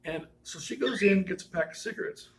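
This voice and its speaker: A man's voice: high-pitched, lively intonation, fairly quick, vocal fry, rough recording. A man casually telling personal stories in a rambling way, restarting and correcting himself and chuckling as he goes.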